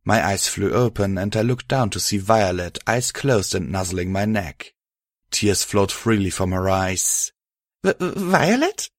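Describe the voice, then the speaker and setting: A man narrating a story aloud in a steady, even storytelling manner. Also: low-pitched, unhurried, dry recording, studio quality. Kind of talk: audiobook reading of fan fiction.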